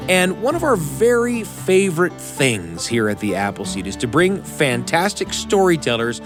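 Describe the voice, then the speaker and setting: Male host, scripted intro, animated pitch, talks right to the listeners over faint music. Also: moderate pace. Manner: warm, lively, speaks to the listeners directly. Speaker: podcast host.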